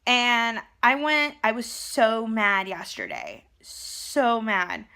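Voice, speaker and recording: Bright-voiced young woman vlogging. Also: a little high, slow, gravelly. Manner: animated storytelling, retelling conversations. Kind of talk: casual chat.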